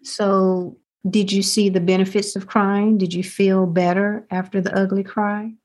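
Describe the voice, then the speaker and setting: A woman's voice: mid-range voice, little pitch movement, unhurried, darkish tone. A woman co-hosting a podcast in casual chat, affirming with frequent "that's right" and "mm-hmm". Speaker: podcast co-host.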